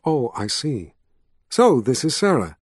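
A male audiobook reader voicing a gentle, caring grown woman who speaks softly and reassuringly, with a slightly husky tone. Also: medium pitch, sing-song, a little slow, dry recording, clean studio sound. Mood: soothing. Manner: soft, soothing, reassuring.

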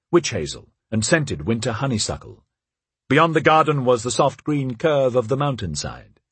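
A man narrating a novel in a measured, expressive read on a close mic. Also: lowish voice, breathy edge, dry recording. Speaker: audiobook narrator. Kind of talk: scripted narration.

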